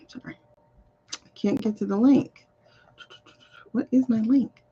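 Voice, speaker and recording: With a slightly high, somewhat rough voice, a woman speaks slowly and pauses often, and the recording's highs are cut off. She's reading cards on a livestream, chatting loosely and muttering as she sorts out links.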